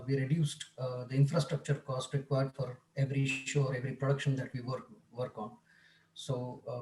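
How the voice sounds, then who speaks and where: A man's voice: medium pitch, dark tone, reverberant, a little hiss or hum, poor audio. A man on an online business panel, talking candidly with hesitant fillers. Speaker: panelist, theatre and event producer. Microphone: video call.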